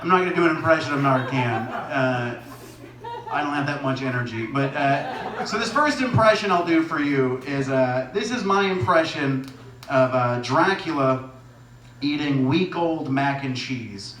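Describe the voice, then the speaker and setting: A man's voice: medium pitch, expressive, a little slow, fairly bright tone. A man doing a rambling, self-mocking stand-up set, laughing at his own jokes. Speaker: stand-up comedian. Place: small comedy venue with audience. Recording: echoey room from far off, noisy.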